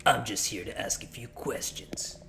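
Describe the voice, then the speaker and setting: Man doing a gruff monster-hunting cop, measured questions, plain mid pitch. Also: noisy background, natural voice. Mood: stern.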